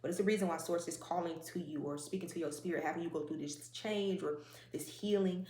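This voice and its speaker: This oracle card reading comes from a woman whose voice is fairly low and mellow, and she talks at a quick pace. It's casual and spiritual in tone, meandering conversationally with many fillers and asides. Faint noise sits under an echoey room sound.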